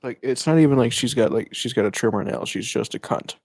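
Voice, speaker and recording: A man's voice: mid-range voice, a little fast, darkish tone, no room sound. A man co-hosting and editing a casual podcast, rambling and cursing freely over a home mic on a voice call. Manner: profane, rambling, trails off and restarts. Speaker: podcast co-host and editor.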